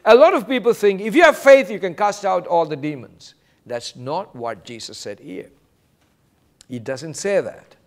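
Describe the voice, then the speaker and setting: A pastor delivers a sermon. His voice sits fairly high and swings widely in pitch as he preaches. He quotes scripture and acts out short exchanges. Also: normal speed. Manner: animated preaching, quoting scripture and acting out brief exchanges.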